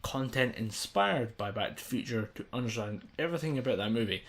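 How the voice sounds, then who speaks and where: A man's voice: medium pitch, expressive, fairly quick. Sweary young man joking on a podcast. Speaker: podcast co-host. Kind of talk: casual chat.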